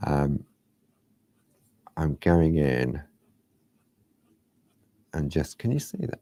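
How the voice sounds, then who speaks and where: A man hosting a craft show, chatting casually and rambling a little as he demonstrates, sometimes dropping to a soft near-whisper. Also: extremely low pitch, animated, extremely slow, pauses often, dry recording.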